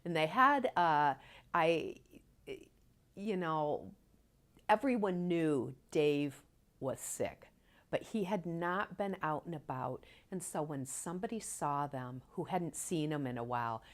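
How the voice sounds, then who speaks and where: A woman telling a personal memory in a halting way, with many fillers and some soft whispered stretches. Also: sits low, animated. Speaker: storyteller recalling a loved one. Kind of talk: personal recollection.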